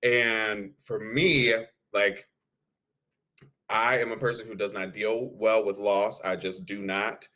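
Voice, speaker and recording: A man co-hosting a casual podcast, his voice sitting fairly low. He speaks frankly and bluntly about his feelings, with a laugh dropped in here and there. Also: flat delivery, slow, sharp tone. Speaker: podcast co-host. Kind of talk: casual chat.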